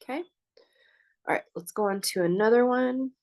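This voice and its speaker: In a dry recording, a woman math professor with a higher, darkish voice talks through algebra at normal speed as she writes it out. She thinks aloud and occasionally checks in with the class.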